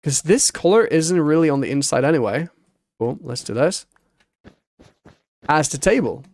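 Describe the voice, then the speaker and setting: Gaming streamer, male, slightly high voice, dry close mic, slow self-talk with hummed sound effects. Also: lively intonation, darkish tone, no room sound. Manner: muttering to himself, humming sound effects like boom and ba ba ba. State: hiccuping. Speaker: Minecraft streamer. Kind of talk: casual gameplay commentary.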